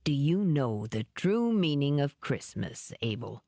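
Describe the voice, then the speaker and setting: A woman voicing a vain, cruel older male villain with a smooth, genteel voice that turns icy. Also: low-pitched, expressive, no room sound, full character voice. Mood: silky menace. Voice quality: smooth, warm then icy. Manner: slow, menacing, genteel.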